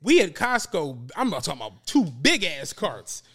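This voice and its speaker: A man's voice: fairly high pitch, normal speed, husky. A man co-hosting a podcast, telling stories in casual chat, swearing freely and acting out what people said. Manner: animated storytelling, swears freely, acts out quotes. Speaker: podcast co-host.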